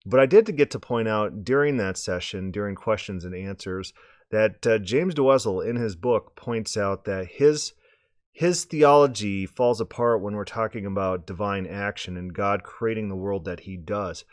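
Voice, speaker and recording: A man with a hoarse, scratchy voice hosting a podcast, rambling casually and repeating words as he restarts his sentences. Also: on the low side, moderate pace, no room sound, studio quality. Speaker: podcast host.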